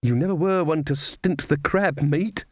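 A man's voice: fairly high pitch, normal speed, a little mellow, no room sound, clean studio sound, pitched above the performer's own voice, lightly acted. A man voicing a jolly, plump woman cook who asks eager, anxious questions in an audiobook.

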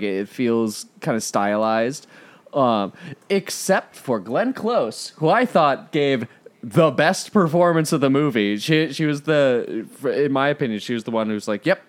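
A man from New York City talks casually as a film podcast co-host. His voice sits at middle height with a very lively pitch. He agrees a lot and often stammers through restarts. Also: measured pace. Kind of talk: casual film review chat.

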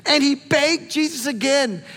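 Animated high-voiced male pastor preaching. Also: measured pace, in a large hall. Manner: animated, conversational preaching with repeated calls to look. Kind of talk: sermon.

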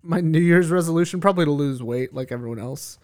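A man's voice: on the high side, fast talker, a little mellow. A young man chatting as a podcast guest, laid-back, swearing freely and saying "dude" a lot. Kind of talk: casual chat.

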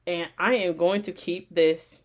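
Animated woman telling a story casually. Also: lowish voice, unhurried. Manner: animated, repeats phrases, slangy and conversational. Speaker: vlogger and online college student.

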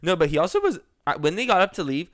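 A man's voice: high-pitched, quick pace, no echo, studio quality. A young man co-hosting a podcast, telling stories in casual chat, rambling with plenty of fillers and acting out what other people said. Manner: rambling, filler-heavy storytelling with many 'like's; animated, acts out quoted people. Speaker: podcast co-host.

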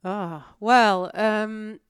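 Casting: woman in her forties from North Yorkshire, very clear, fairly flat and low delivery, candid interview guest. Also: extremely slow, dry recording, studio quality. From North Yorkshire, England. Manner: reflective, candid, many fillers and restarts. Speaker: podcast guest. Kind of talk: conversational interview.

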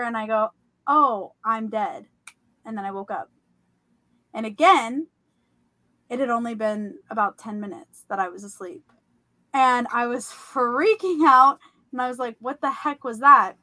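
A young woman hosting a podcast, telling about a vivid dream in a casual, animated way full of "like" and fillers. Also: fairly high pitch, no room sound. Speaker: podcast host. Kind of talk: casual storytelling.

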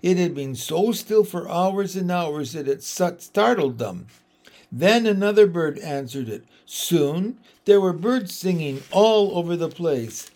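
A man reads a children's storybook aloud in a fairly high voice. He takes his time and gives each line expression. The pace is slow and deliberate throughout. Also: lively intonation, a little mellow. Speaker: audiobook reader. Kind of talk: storybook narration.

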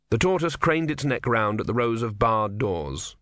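Lively, wry male audiobook narrator. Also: medium pitch, moderate pace, few pauses, no echo, clean studio sound. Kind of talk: scripted narration.

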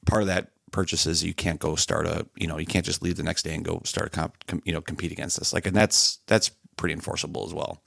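A man co-hosting a podcast in casual chat, reacting quickly and laughing along. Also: low voice, steady tone, gravelly, fairly bright tone, no room sound, studio quality. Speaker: podcast co-host.

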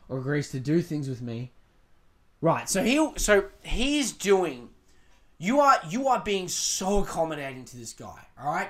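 Blunt, profane podcast host giving advice. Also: male voice, fairly high pitch, fairly bright tone. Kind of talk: casual advice rant.

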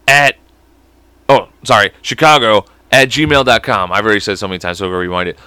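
A man's voice: lowish voice, pushed and bright, smooth, dry recording. A young man hosting a podcast, rambling in casual chat, swearing often and breaking into laughter. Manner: profane, rambling, quick laughs. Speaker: podcast host.

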